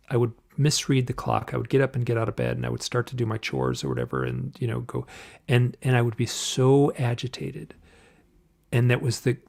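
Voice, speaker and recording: A gravelly man of middle pitch chats as a guest on a video call. He rambles, restarts his sentences and hunts for the right word as he goes. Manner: rambling, searching for words, many restarts. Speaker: guest author. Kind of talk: casual interview chat.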